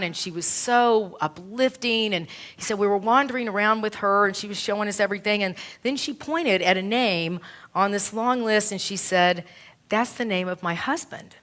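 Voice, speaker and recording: A woman's voice: medium pitch, a bit bright. Earnest woman minister telling a story. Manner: storytelling, emotional and earnest, many quoted retellings. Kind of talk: sermon. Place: church.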